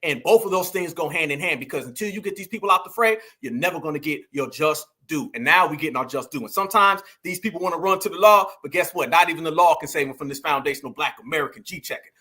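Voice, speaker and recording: A man's voice: fairly high pitch, fast talker, few pauses, bright, forceful tone. A man hosting an opinionated commentary stream, emphatic and preachy, calling out to his viewers. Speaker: commentary host.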